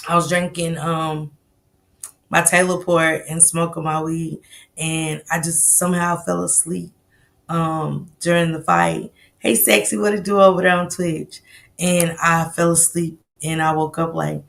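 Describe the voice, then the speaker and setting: A woman hosting a casual livestream, greeting viewers by name in relaxed, slangy banter. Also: fairly low pitch, measured pace, gravelly. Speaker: livestream host.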